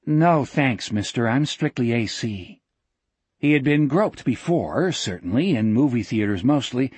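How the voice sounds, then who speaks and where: Husky-voiced male audiobook narrator. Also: medium pitch, no room sound. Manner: steady, measured storytelling. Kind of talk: scripted narration.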